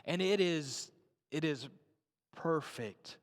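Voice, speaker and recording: Male preacher, high-pitched, chatty sermon delivery; long church reverb. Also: lively intonation, slow pace. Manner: conversational, repeats and checks in with "right?".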